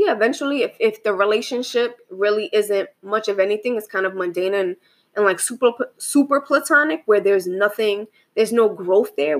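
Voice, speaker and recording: A young adult woman talking in a casual, reflective monologue, rambling with many restarts and fillers and often asking "right?". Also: medium pitch.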